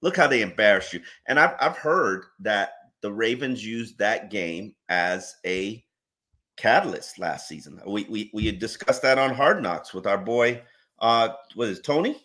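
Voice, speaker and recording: A man's voice: lowish voice, unhurried. A man co-hosting a casual sports podcast, talking with sarcasm and plenty of laughter. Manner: sarcastic and animated, frequent laughter. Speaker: podcast co-host.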